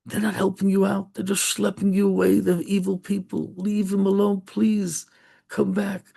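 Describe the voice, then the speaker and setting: A man's voice: high-pitched, fairly even intonation, unhurried, creaky, mellow, exaggerated voice. A man voicing a grieving dead father who pleads with his son from heaven, repeating himself. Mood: pleading. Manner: pleading, repetitive.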